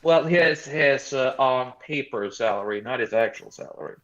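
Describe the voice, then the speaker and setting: A man's voice: mid-range voice, normal speed, fairly bright tone, dull audio. A man from Norway, talking crude and sarcastic in casual political banter, rambling with restarts.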